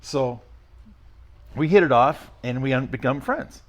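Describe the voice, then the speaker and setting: A man in his sixties, a retired race car driver as a podcast guest, telling stories in a blunt, rough-spoken, rambling way. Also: medium pitch, expressive, measured pace. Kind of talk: casual storytelling interview.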